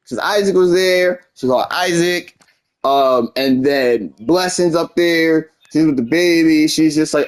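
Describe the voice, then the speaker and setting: A man's voice: on the high side, unhurried. A young man rambling through a frustrated personal story and acting out both sides of arguments. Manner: rambling, frustrated storytelling with quoted back-and-forth. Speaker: streamer. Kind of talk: casual venting monologue.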